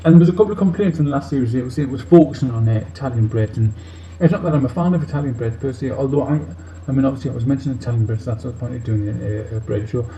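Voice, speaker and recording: A man's voice: medium pitch, rapid-fire, few pauses, dark tone, close to an everyday voice. A man playing a tipsy male robot leader in a comic monologue, earnest and rambling off on tangents with many fillers. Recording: muffled, roomy, faint hiss.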